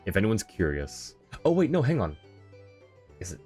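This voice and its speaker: A man's voice: lowish voice, sing-song, moderate pace, darkish tone, faint music behind. A man streaming a game, chatting casually with viewers, rambling and laughing often. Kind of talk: casual live-stream chat.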